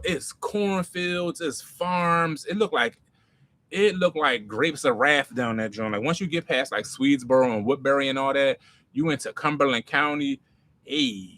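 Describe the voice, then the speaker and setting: Man in his forties, creator telling stories in a Q&A; bright, punchy voice, slangy, swings from loud to hushed. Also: fairly high pitch, no room sound. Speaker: comedy writer and creator. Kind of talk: casual storytelling Q&A.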